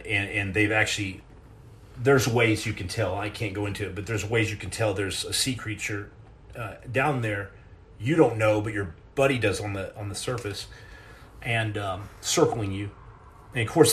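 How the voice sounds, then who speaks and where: A man's voice: fairly low pitch, a bit bright. A middle-aged man hosting a casual live chat and answering questions, telling rambling, jokey stories with many restarts and repeated words.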